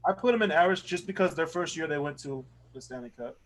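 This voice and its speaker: Casual co-host, man, slightly high voice, laughs a lot, acts out quotes. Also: animated, fast talker. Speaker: podcast co-host. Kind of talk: casual chat.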